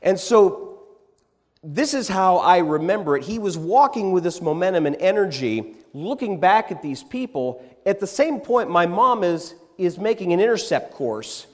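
A man preaching a sermon, telling a personal story with lively, repeated restarts, then leading a prayer. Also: high voice, moderate pace. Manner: animated storyteller who repeats words as he starts phrases. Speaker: pastor. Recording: long hall reverb.

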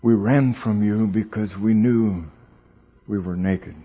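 Adam as a hushed, guilty man who talks low and soft, shifting the blame in a pleading murmur, as a preacher acts him out in a sermon. He has a calm, unhurried way of speaking. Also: slightly rough, muffled recording. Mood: ashamed. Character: Adam, a guilty man blaming his maker.

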